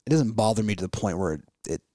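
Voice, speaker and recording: A middle-aged podcast host chats casually in a fairly low, mellow voice with lively intonation, racing along. His talk is loose and rambling, full of fillers and restarts, recorded with no echo.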